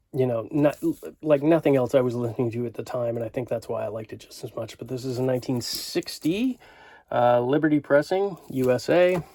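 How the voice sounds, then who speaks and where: A man's voice: medium pitch, warm tone, no echo. A man in his fifties from Canada, flipping through his record collection in a rambling, enthusiastic casual vlog full of fillers.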